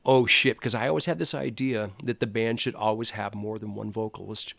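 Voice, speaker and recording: A man's voice: lowish voice, a little fast, gravelly, dry recording. A middle-aged man from Los Angeles, a guest musician telling stories in a casual interview and acting out what people said. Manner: animated storyteller, acts out quoted voices.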